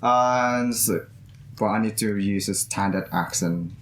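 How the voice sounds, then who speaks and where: Young man, Indonesian accent, student guest, eager, halting, restarts often. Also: fairly low pitch, fairly bright tone, reverberant, a little hiss or hum. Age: young adult. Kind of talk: casual interview chat.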